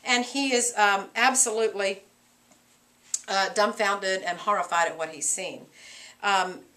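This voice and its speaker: A middle-aged woman teacher lecturing a class on a play, animated and acting out characters' lines. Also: medium pitch. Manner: animated, acts out characters' lines in quick voices.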